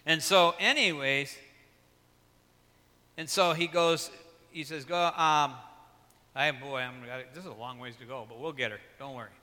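A man's voice: fairly high pitch, unhurried, long pauses, pushed and bright, big-room sound. A man preaching a casual, conversational sermon, acting out Bible dialogue and telling personal stories. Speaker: pastor.

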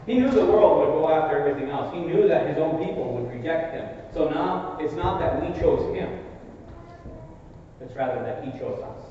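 A man preaching an expository sermon in a church sanctuary, earnest and building to emphatic peaks before dropping to quieter asides. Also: fairly high pitch, lively intonation, moderate pace, slight background noise. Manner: earnest, rises to emphatic peaks then drops to soft asides. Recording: distant echoey hall recording, dull.

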